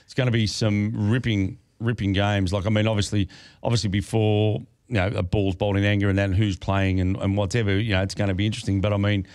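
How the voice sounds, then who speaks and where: A man's voice: fairly low pitch, little pitch movement, fast, darkish tone, clear, resonant tone, no room sound, clean studio sound. A man hosting a casual sports chat, talking chattily with lots of fillers and a matey tone. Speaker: sports show host.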